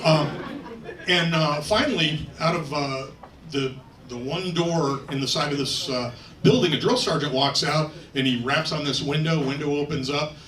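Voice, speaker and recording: A man's voice: a little high, normal speed, fairly bright tone. A man from New York performing a stand-up set, telling a long story with many fillers and acted-out quotes. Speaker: stand-up comedian. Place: comedy stage before a laughing audience. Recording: roomy, distant live club recording.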